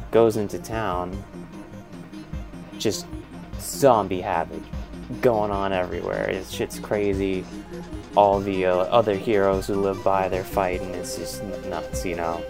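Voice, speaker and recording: A man's voice: low-pitched, flat delivery, unhurried, vocal fry, music in the background. A man co-hosting a podcast, telling an improvised story in a rambling, loose, profane way. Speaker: podcast co-host.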